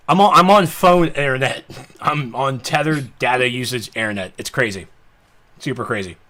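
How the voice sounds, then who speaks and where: A man's voice: medium pitch, fairly bright tone. A man with a Southern accent hosting a casual live-streamed podcast, rambling with laughing, apologetic asides and a slightly dry throat. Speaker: podcast host.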